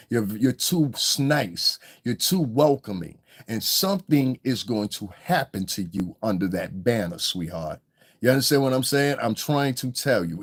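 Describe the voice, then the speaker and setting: A man in the middle of a confrontational livestream rant, blunt and full of profanity. His voice sits at an ordinary mid pitch. He keeps stopping to ask whether the listener understands him. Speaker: online streamer and rapper.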